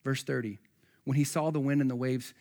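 A man's voice: medium pitch, fairly quick. A man preaching a sermon, reading scripture and acting out the voices of the people in the story. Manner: animated, acts out voices of Bible figures. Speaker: pastor.

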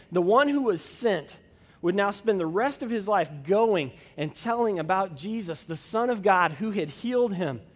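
A man's voice: a little high, big-room sound. A man pastor preaching a sermon and telling a personal story in a folksy way, with many fillers.

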